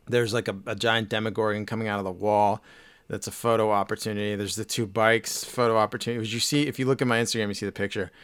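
A man's voice: lowish voice, level tone, quick pace, fairly bright tone, clean tone, no echo. A man co-hosting a podcast, telling a rambling story in casual chat with lots of fillers and restarts. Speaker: podcast co-host.

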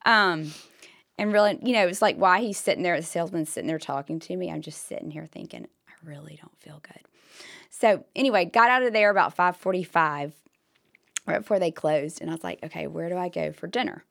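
A woman with a hoarse voice, co-hosting a podcast and telling a story in animated casual chat with whispered asides. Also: lowish voice, brisk. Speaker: podcast co-host.

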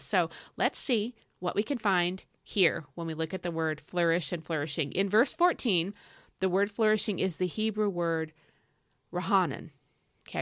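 A woman's voice: lowish voice, dry recording, studio quality. Fired-up woman teaching scripture. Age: young adult. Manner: enthusiastic, building to fired-up preaching bursts. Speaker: podcast host teaching scripture. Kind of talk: devotional teaching.

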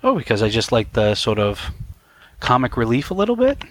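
A man's voice: mid-range voice, huge pitch swings, a little fast. A man co-hosting a podcast, chatting casually and laughing often. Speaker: podcast co-host. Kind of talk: casual chat.

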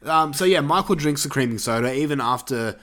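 A man on a casual podcast, retelling a movie in a rambling, profane way with quick character voices. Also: on the high side, animated, a bit bright. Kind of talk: casual chat.

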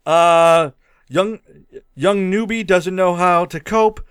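A man's voice: sits high, takes it slowly, fairly bright tone. A man co-hosting a casual film-review podcast chat, laughing often and joking with his co-host. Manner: laughs often, giggly and playful.

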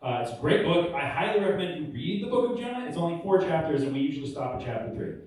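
A man talking casually about the Bible like a pastor, animated and humorous as he tells stories. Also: fairly high pitch, fast, a little hiss or hum. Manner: animated, humorous storytelling with acted-out quotes. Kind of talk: casual preaching talk. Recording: echoey room, far from the mic.

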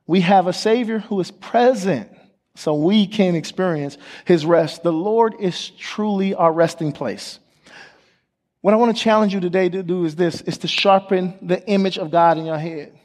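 A man's voice: high-pitched, normal speed, a little mellow. A male pastor preaching a sermon in a church, calling on the congregation to repeat after him and joking with them between points. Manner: call-and-response preaching, asks the congregation questions. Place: church sanctuary. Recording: long hall reverb from the sanctuary.

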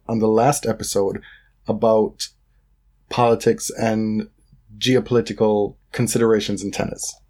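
A man in casual podcast chat, his voice husky and a little rough. He speaks bluntly and dryly. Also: lowish voice, dark tone. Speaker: podcast co-host. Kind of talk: casual chat about tennis.

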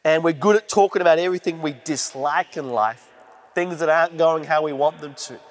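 A man's voice: fairly high pitch, brisk. A male pastor preaching an earnest sermon with rising emphasis. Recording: reverberant hall.

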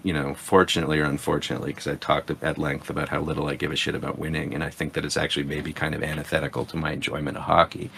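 Man, deep, gravelly, rambling profane podcast chat. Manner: rambling, profane, animated storytelling. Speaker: podcast guest. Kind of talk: casual chat.

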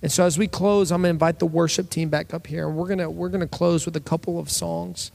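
A man's voice: fairly high pitch, steady tone, quick pace, creaky, a little mellow. A male pastor preaching a conversational sermon to his church, acting out quotes in his telling.

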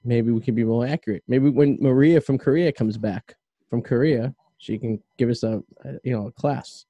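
Dark-voiced rambling male radio host. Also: medium pitch, normal speed, dry recording, dull audio. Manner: rambling, loose, filler-heavy talk. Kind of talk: casual chat.

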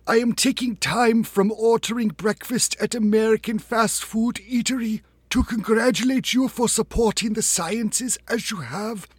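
A podcast co-host doing a comic impression of a solemn German film director, with a German accent and a slow, fatalistic, deadpan delivery. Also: male voice, high voice, husky, no room sound. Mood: grave.

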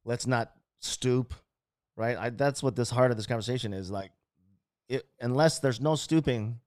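Swearing animated man in casual chat. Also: mid-range voice, moderate pace, no room sound, clean studio sound. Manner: animated, swears a lot, acts out quotes in other voices.

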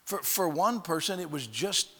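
A man preaching from the pulpit, spinning a story and voicing each person in it as he goes. His voice sits a bit high and comes across bright and forceful. A long reverb trails after him, as if he is in a church sanctuary. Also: moderate pace. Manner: animated storyteller acting out dialogue, frequent restarts. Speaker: pastor. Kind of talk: storytelling sermon.

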